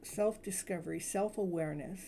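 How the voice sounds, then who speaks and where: Mellow-voiced woman reading soothing affirmations. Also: lowish voice, creaky, slight background noise. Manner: soothing, repeats affirmations slowly. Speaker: tarot reader.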